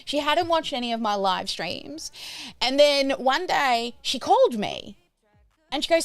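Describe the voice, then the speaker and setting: A middle-aged woman, a business coach teaching on a livestream in a bubbly, loud and energetic way. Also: on the high side, moderate pace, no echo.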